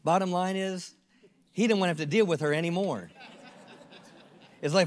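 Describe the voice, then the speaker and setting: A man's voice: high-pitched, moderate pace, pauses often, big-room sound. A pastor in his fifties preaching a sermon, earnest and repeating phrases for emphasis.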